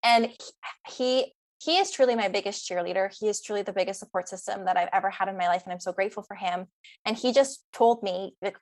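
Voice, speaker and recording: A woman's voice: medium pitch, quick pace. A young adult woman, a guest coach on a podcast, telling her story in an earnest, flowing way. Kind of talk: podcast interview.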